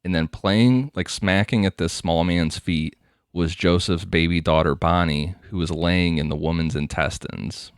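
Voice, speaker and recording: Man, podcast host, casual narration, very low voice, laughs often, dry close sound. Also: steady tone, unhurried, clean tone, dry recording. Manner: reads case notes, laughs often. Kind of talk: casual true-crime narration.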